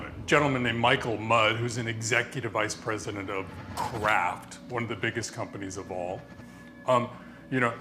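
A man in an interview, recounting events in an unhurried, conversational way with fillers. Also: mid-range voice, bright, forceful tone. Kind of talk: interview storytelling.

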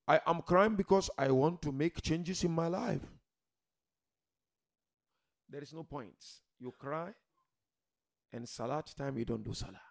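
A man preaching a religious sermon to a seated gathering, emphatic, swinging from loud declarations to quiet murmurs and addressing the listeners directly. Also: on the high side, a little slow, vocal fry, long pauses. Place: gathering hall with a seated audience.

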